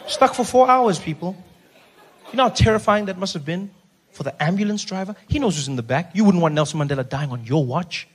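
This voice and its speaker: A young man with a South African accent doing animated stand-up comedy on stage, telling stories with playful voices. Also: a little high, fast, breathy edge, some chatter behind. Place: live venue with audience.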